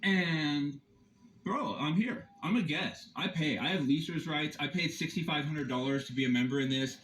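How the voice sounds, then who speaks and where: A man's voice: a little high, brisk, fairly bright tone, roomy sound, a little hiss or hum, low-quality recording. Heated, profane man ranting into a phone. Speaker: campground guest confronting staff and police. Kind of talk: agitated first-person rant. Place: inside a vehicle. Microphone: phone camera.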